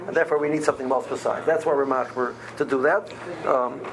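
A man, teaching a halacha class in a halting way, with many ums and restarts. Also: medium pitch, fairly even intonation, background noise. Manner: halting, many ums and restarts, mixes Hebrew and Aramaic terms. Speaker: Torah teacher. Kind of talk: halacha class explaining Jewish law.

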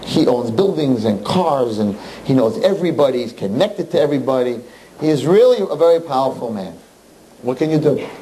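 Animated rabbi telling a story. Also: male voice, medium pitch, slight background noise, low-quality recording. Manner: animated, emphatic, jumps into quoted voices. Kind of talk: storytelling talk to an audience.

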